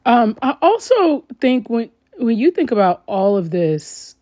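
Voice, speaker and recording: A woman giving casual commentary to her viewers, animated and exclaiming as she talks straight to them. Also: fairly high pitch, unhurried, dry recording, studio quality. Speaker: commentary vlogger.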